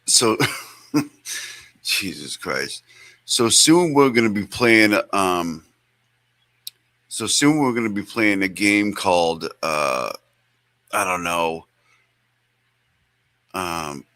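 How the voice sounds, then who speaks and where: Gravelly host guy rambling slowly, bright edgy tone, swears a lot. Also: sits low, lively intonation, dry recording. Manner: rambling and profane, with many fillers. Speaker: show host. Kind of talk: casual chat.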